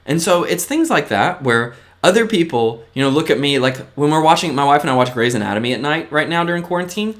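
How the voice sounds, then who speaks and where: In an animated, casual pep talk to his audience, a male vlogger keeps asking a quick "right?" and alternates between enthusiastic bursts and softer, lower-pitched asides. He comes across as earnest.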